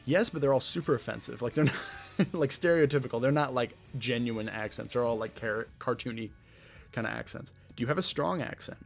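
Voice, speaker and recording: A man's voice: medium pitch, fairly quick, vocal fry. Young southern guy in his room, rambly q&a, keeps laughing at himself, faint music behind. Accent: Southern American. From Southeastern United States. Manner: rambling, self-deprecating, laughs often. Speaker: podcast host. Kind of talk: casual Q&A monologue. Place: his bedroom.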